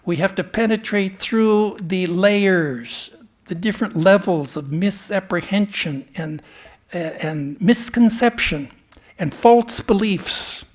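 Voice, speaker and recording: A man speaking as a swami in a temple, giving a spiritual talk with an animated storytelling manner that often drops to a hush. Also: high-pitched, takes it slowly. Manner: storytelling, animated, dropping to hushed tones. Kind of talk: sermon with storytelling.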